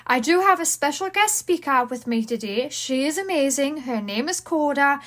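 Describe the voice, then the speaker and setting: High-voiced excitable Geordie woman. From Newcastle, England. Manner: excitable, fast and gushing. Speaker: podcast host. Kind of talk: casual podcast chat.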